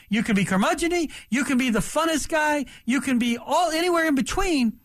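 A man's voice: very high-pitched, expressive, a little fast, a bit bright. A man in his fifties hosting sports talk radio, emphatic and opinionated, speaking animatedly into a studio mic.

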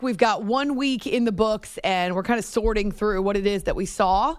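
A middle-aged woman hosting a late-night sports radio show, chatty and animated, in a studio. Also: medium pitch, normal speed, few pauses, clear, resonant tone, no echo. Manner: chatty, animated storytelling with laughs and restarts. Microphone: studio microphone.

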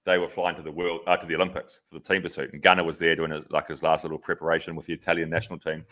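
A man's voice: very deep voice, racing. A New man co-hosting a podcast, telling stories in loose, swearing casual chat. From New Zealand. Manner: animated anecdote teller, swears casually. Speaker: podcast co-host, former track cyclist.

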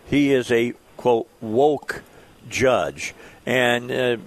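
A man's voice: medium pitch, extremely slow, no room sound. A man hosting a radio talk show, asking his guest questions in a conversational way. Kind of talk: radio interview.

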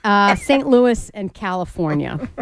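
Lively female radio co-host. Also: medium pitch, measured pace, noisy background. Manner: animated, laughing often. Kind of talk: casual radio banter.

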